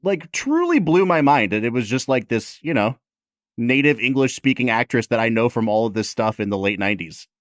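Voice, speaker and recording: A man's voice: medium pitch, fairly quick, dry recording. Male podcast host, enthusiastic, voice rising and falling a lot, dry close sound. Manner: enthusiastic, expressive. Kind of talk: casual chat.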